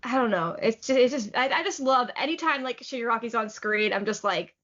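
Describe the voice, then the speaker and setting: A podcast co-host runs through a manga chapter in a casual, eager way. Her voice is a little high and a bit bright, and she leans heavily on "like" fillers and quick laughs. The audio is lo-fi and slightly muffled.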